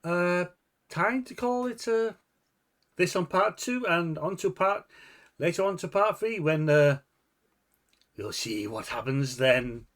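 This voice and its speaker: A man narrating a tabletop horror game as game master, describing scenes with a lively, measured delivery. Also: sits high. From Yorkshire.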